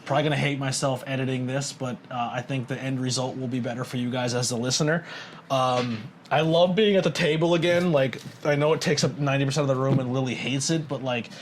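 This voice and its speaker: A man hosts a casual podcast chat at a mid-range pitch. He tells animated stories and swears freely. Faint background noise sits under his voice. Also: fast. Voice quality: swears a lot, animated storytelling. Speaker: podcast host.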